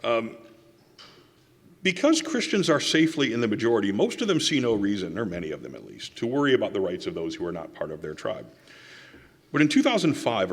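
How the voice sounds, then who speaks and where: A man giving a conference talk, with wry, sarcastic asides and quoted passages read aloud. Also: fairly low pitch. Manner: reads quotations aloud. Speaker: conference speaker. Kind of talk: public lecture. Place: lecture hall. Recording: reverberant hall.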